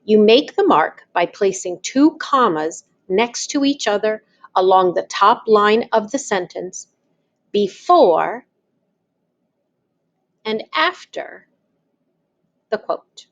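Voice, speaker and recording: Woman teaching slow and patient, explains step by step, middle pitch. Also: very animated, creaky, highs cut off. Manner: patient, spells things out step by step. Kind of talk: slow, deliberate classroom explanation.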